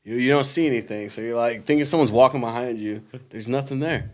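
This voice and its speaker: A man's voice: mid-range voice, quick pace. A young man and army veteran, a podcast guest, telling stories casually and laughing often. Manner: laid-back, laughs often, swears freely. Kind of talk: casual storytelling.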